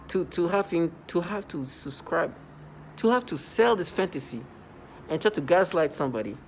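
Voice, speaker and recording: A man's voice: fairly high pitch, slight background noise. A man in a rambling, scornful monologue to his viewers, repeating himself and breaking into mocking laughter. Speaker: vlogger. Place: New York City.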